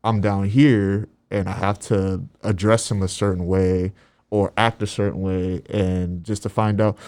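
A man in his twenties chatting as a guest, an animated storyteller who trails off softly at the ends of thoughts. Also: sits low, measured pace, no echo. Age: 20s. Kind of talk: casual faith chat.

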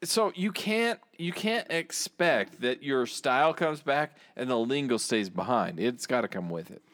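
A man's voice: mid-range voice, expressive, measured pace, a bit bright, no echo, clean studio sound. A man co-hosting a podcast, talking in a casual, rambling way. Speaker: podcast co-host.

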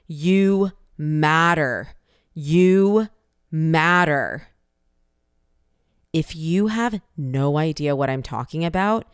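A woman's voice: deep voice, clean tone, no echo, studio quality. A young Asian American woman giving an impassioned personal statement, emphatic and pointed, with insistent repeated phrases.

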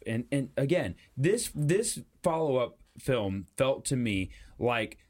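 A man's voice: medium pitch, sing-song, slow pace, a little mellow. A man co-hosting a casual movie podcast, rambling and swearing freely as he talks through a film, often restarting his sentences. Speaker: podcast co-host. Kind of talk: casual movie review chat.

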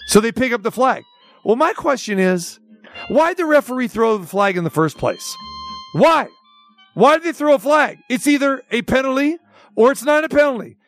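A man's voice: very high-pitched, lively intonation, normal speed, a bit bright, soft background music. A man hosting a sports talk segment, ranting with incredulous rhetorical questions. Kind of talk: opinion rant segment.

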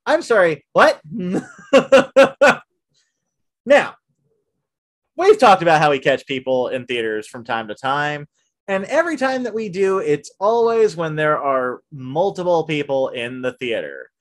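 A man hosting a podcast, casually telling stories about his work at a movie theater in an animated way, often laughing as he goes. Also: on the high side, normal speed. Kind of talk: casual storytelling chat.

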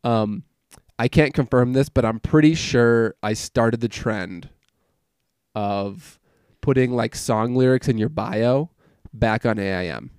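A man's voice: medium pitch, slow pace, a little mellow, smooth. A young man from Minnesota talks casually in his home gaming room, wandering through his thoughts with fillers and false starts. His voice sits in an ordinary middle range and the recording is dry and close, with no room echo. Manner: rambling, filler-heavy, self-interrupting. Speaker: podcast host. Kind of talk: casual chat.

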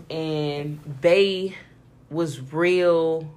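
Woman, casual storytelling chat, profane, filler-heavy, mid pitch. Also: lively intonation, normal speed, a bit bright. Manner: profane, keeps saying "you know what I'm saying".

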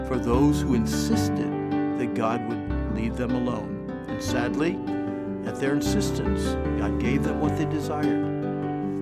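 Gravelly-voiced man teaching the Bible. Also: mid-range voice. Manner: earnest, preacherly, builds repeated phrases.

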